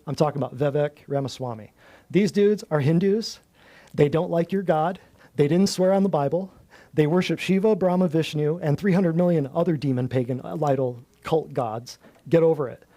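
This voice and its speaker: A man with a somewhat high but mellow, warm-toned voice rants to a live group. He is blunt and folksy, throws in slang, and stacks one item after another in long emphatic lists. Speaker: natural health clinic host. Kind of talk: preachy talk to a live group.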